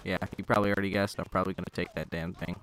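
A man's voice: deep voice, little pitch movement, rapid-fire, a bit bright. A young man giving loose, joking commentary over his own gameplay, swearing and talking to the enemies on screen through a gaming headset. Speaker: gaming channel host.

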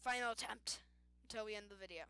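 A young woman giving casual let's-play commentary, excitable and self-mocking, yelling at the game and giggling. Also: on the high side, moderate pace. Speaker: gaming youtuber.

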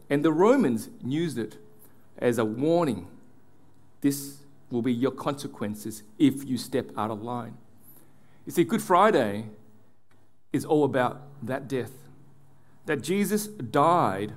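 A male pastor delivering a sermon, earnest, dropping low and soft on key words.

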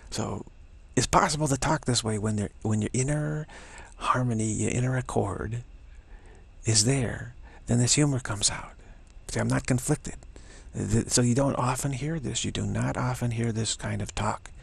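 A man's voice: mid-range voice, normal speed, gravelly, husky. A man giving a playful, rambling spiritual teaching, laughing often as he talks.

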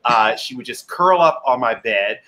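A man's voice: mid-range voice, animated, moderate pace, sharp tone. A man hosting a casual online chat show, talking with enthusiasm and reading out viewer comments. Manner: chatty and enthusiastic, reads viewer comments aloud. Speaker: host.

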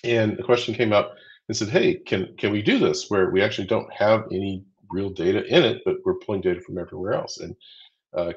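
A deep-voiced man co-hosts a casual live training stream, chatty and upbeat as he counts down quiz votes and goes through the answers. The audio sounds muffled.

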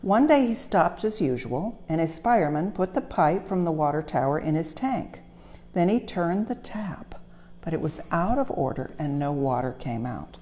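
A woman reading a children's story aloud as a museum storyteller, gentle and expressive. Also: deep voice, moderate pace. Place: railway museum.

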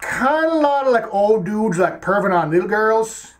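A man doing a high-voiced goofy dimwit. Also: expressive, normal speed. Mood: dopey. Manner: rambling, broken grammar, stammering restarts. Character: goofy dim-witted young man, Kelvin, rambling film buff. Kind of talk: comedic character sketch.

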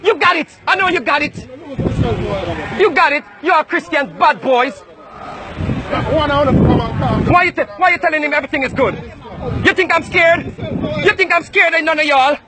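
A man from Jamaica, ranting and shouting confrontationally at people outdoors. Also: extremely high pitch, normal speed, long pauses, a crowd in the background.

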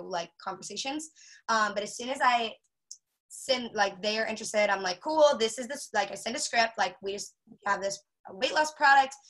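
A woman giving a casual sales training talk, chatty and animated, acting out customer chats with lots of filler words. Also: mid-range voice, low-quality recording.

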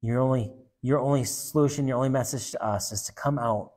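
A man's voice: mid-range voice, brisk. A man preaching a sermon, telling a story and leading a prayer in an earnest, repetitive way. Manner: earnest, repetitive, softening to hushed.

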